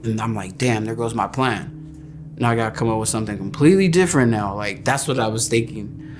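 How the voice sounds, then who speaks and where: A man's voice: fairly low pitch, a little fast. A man recounting a personal experience in a plain, matter-of-fact way. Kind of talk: personal story clip. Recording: faint music behind.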